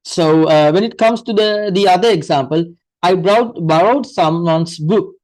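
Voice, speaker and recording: A man's voice: high-pitched, normal speed, darkish tone, low-quality recording. A man teaching an English grammar lesson, explaining step by step with frequent fillers, restarts and repeated examples.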